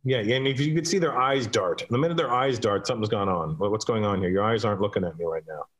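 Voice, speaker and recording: Animated storytelling male comedian. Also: lowish voice, fast talker. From Canada. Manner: animated storytelling, laughing often. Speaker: comedian guest. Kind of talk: casual chat.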